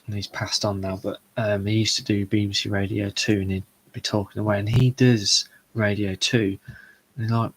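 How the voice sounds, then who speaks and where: A man, hosting a solo live chat, talking in a rambling, halting way full of fillers and restarts. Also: on the low side, level tone, poor audio. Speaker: show host. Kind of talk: solo live chat about comedy shows.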